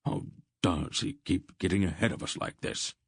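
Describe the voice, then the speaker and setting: A man's voice: low voice, expressive, unhurried, creaky, a little mellow, slightly rough, no echo, clean studio sound, heavily acted. A man voicing a terse, exasperated old male sorcerer.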